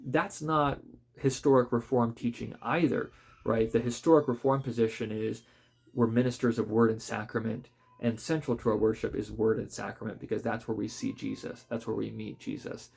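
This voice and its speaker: A man, a pastor, reviewing a book in a relaxed spoken way, thoughtful and conversational, with frequent fillers and restarts. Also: medium pitch, normal speed, gravelly, slightly rough.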